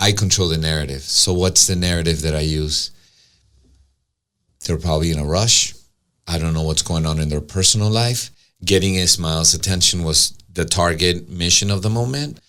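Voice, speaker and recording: A man being interviewed as an author, telling stories animatedly and acting out what people said. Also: sits low. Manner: storytelling, animated, acts out quotes. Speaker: guest author. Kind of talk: interview conversation.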